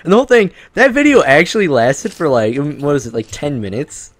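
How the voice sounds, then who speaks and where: Male gaming host, lively up-and-down delivery, rambling and jokey, swears freely. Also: on the high side, a little fast. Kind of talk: casual gaming commentary.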